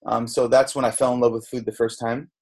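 This chef, a middle-aged Southern Californian on a podcast, talks briskly in a mid-range voice that's a little mellow, slightly rough, and fairly flat in pitch. He tells his story candidly in a casual interview, rambling with restarts and quoted dialogue, into a podcast mic.

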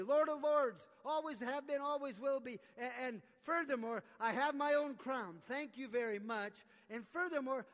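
A man voicing a kind, all-powerful king who speaks calmly and firmly, within a live sermon. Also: high voice. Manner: gentle, then firmly declaring. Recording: echoey live conference hall.

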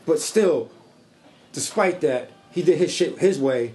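A man in casual podcast chat, talking in a profane, rambling, animated way. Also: fairly high pitch, unhurried, a little hiss or hum.

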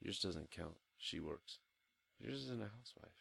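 A man's voice: sits low, expressive, normal speed, vocal fry, a bit bright, slightly rough. A young man co-hosting a casual movie review podcast, talking crudely and profanely and laughing often. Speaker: podcast co-host.

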